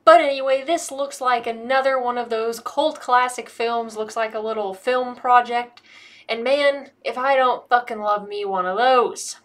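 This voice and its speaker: A woman's voice: fairly high pitch, fairly even intonation, a little slow. Sarcastic, cursing American woman. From United States. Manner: sarcastic, profane, rambling. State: a bit tipsy. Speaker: movie reviewer. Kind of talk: casual comedic movie commentary.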